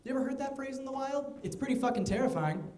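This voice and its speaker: A young man performs a stand-up set in a conversational style, tossing off quick asides. His voice sits high, and the room around him rings with echo. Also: animated, a little mellow. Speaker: stand-up comedian. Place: comedy venue with live audience.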